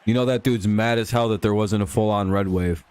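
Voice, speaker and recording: A man's voice: lowish voice, fairly even intonation, fairly quick, a little mellow, clean tone, no echo. A man hosting a live stream, chatting casually with viewers over a football game and joking with profanity and frequent laughs. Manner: joking, profane banter with chat, laughs often. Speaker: livestream host.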